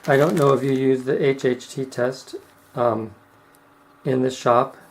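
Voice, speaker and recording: A middle-aged man giving casual step-by-step how-to narration while demonstrating razor honing, unhurried and plain-spoken. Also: mid-range voice, steady tone, slight background noise, rough recording. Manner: unhurried, explains step by step with fillers.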